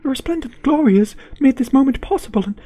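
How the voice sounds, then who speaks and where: A man's voice: very high-pitched, expressive, fast, mellow, pitched above the performer's own voice. A man voicing an earnest young woman who prays to her god with fervent reverence, over faint music. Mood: reverent.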